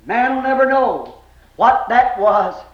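A male preacher delivers an impassioned revival sermon, breaking into shouts and then dropping to hushed, low lines. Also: expressive, slow. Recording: echoey, dull old sermon recording.

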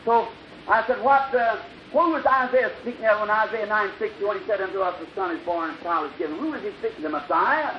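A man preaching an old-time revival sermon, telling a story and acting out the dialogue, swinging from loud bursts to hushed lines. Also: high voice, brisk. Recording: dull lo-fi archival recording with hiss.

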